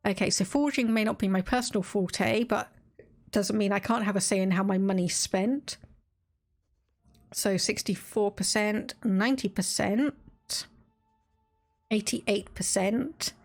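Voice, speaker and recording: A woman's voice: medium pitch, a little slow, pauses often, faint music behind. English woman w/ estuary accent, chatty gameplay stream, reads game text out, laughs a lot. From England. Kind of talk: casual live-stream gameplay commentary.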